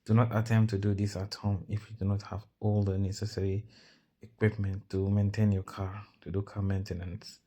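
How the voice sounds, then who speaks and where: Male vlogger, low-pitched, Arabic, chatty and self-mocking with lots of tangents. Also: level tone, normal speed, mellow. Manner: rambling, self-mocking, with many asides. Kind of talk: casual talk over car-maintenance footage.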